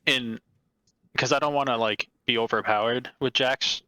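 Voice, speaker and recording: A man playing a tabletop game, thinking aloud with halting, hedging sentences. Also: mid-range voice, fairly even intonation, pushed and bright, smooth, dry recording, low-quality recording. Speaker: player. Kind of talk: casual tabletop play chat.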